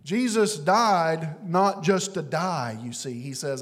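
A pastor delivers his sermon at an unhurried, deliberate pace, his slightly high voice climbing into booming declarations before dropping to near hushes. The sound rings with the long reverb of a large church hall. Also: husky. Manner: preaching with big swings from booming to hushed.

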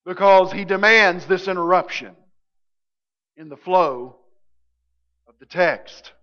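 Male pastor, high tenor, preaching in a big echoing church, dull lo-fi recording. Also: takes it slowly. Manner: animated, swings from loud emphatic to quiet low. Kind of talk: sermon. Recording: dull lo-fi sound with long hall reverb.

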